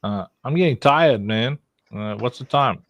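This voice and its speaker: A man's voice: mid-range voice, lively intonation, measured pace, dry recording, lo-fi sound. A man hosting a live stream in a casual, playful, rambling way, often breaking into laughter. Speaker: livestream host.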